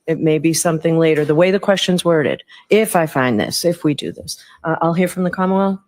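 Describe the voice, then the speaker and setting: A judge in a courtroom who speaks in a measured, firm and deliberate way while ruling on counsel's requests. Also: mid-range voice, a little mellow.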